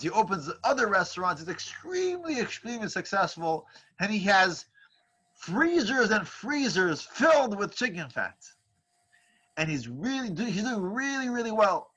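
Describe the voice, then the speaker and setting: A man with a high, bright voice and a slightly husky edge, teaching a class. He tells a parable in an animated way, often restarting his phrases as he builds the story. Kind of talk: storytelling lecture.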